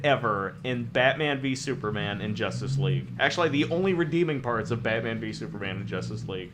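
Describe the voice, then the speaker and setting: A man's voice: mid-range voice, lively intonation, a little fast, hardly any pauses, fairly bright tone, a little hiss or hum. Ranting sarcastic male podcast host. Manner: ranting, sarcastic, swears freely. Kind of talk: casual movie chat.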